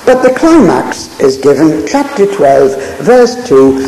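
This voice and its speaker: Slow, lively-voiced man preaching. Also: fairly high pitch, slight background noise. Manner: slow, deliberate, repeating key phrases. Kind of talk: Bible teaching sermon. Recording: roomy hall recording.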